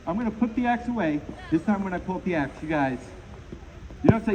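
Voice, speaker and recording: A man's voice: high-pitched, animated, quick pace, soft background music. A middle-aged man from Maine doing a live comedy juggling show outdoors, bantering and joking with the crowd. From Maine, USA. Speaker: juggling performer. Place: outdoors at a pond. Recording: muffled outdoor recording with loud background noise.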